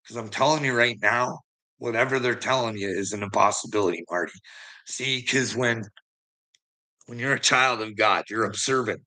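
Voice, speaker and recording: Man, fired-up profane storyteller, sharp bright tone, emphatic casual rant. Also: mid-range voice. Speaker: storyteller addressing a friend. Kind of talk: casual ranting anecdote.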